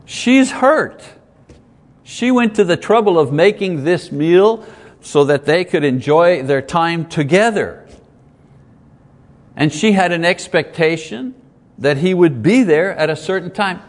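A pastor delivers a conversational sermon, repeating key points for emphasis. His voice sits fairly high for a man. A long reverb from the church hall trails behind every phrase. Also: animated, slow pace. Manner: earnest, conversational preaching with repetition.

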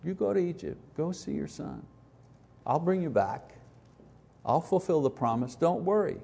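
A man voicing a gentle father god who speaks softly and calmly. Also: fairly high pitch, moderate pace, vocal fry, breathy edge, in a large hall, full character voice. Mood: reassuring. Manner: soft and calm.

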